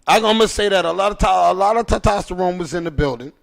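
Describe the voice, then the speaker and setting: A man hosting a podcast in a loose, rambling way. He talks emphatically and swears freely. His voice is high with a gravelly edge. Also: fast. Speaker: podcast host. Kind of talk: casual chat.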